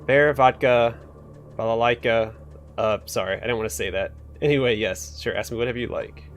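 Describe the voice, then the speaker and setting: A man's voice: on the low side, fast, slight background noise, natural voice. A man voicing a nervous male clerk who has verbal tics and talks in a stammering, apologetic way, in a game.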